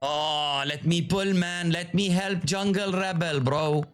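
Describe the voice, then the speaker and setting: A man hosting his own video, giving casual live commentary to his viewers in an excitable, profane, teasing way. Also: high voice, slow, smooth. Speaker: video host.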